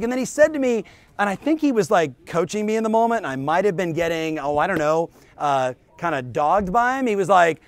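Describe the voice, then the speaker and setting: A male business coach delivers a motivational talk straight to the viewer. His voice sits high for a man and swings widely in pitch. He punches key phrases with emphatic energy. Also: lively intonation, fast. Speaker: real estate business coach and show host.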